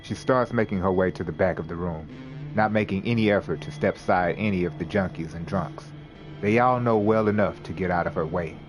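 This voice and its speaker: Deep-voiced man narrating a game. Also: fairly quick, over music. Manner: laughs and corrects his own misreads. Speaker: let's play narrator. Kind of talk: reading a visual novel aloud with commentary.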